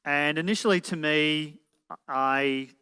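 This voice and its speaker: Slow-paced and on the high side, the man's voice is bright, forceful, clear and resonant. As a motivational speaker live in an event hall, he keeps the audience engaged with rhetorical questions, captured with a reverberant hall sound.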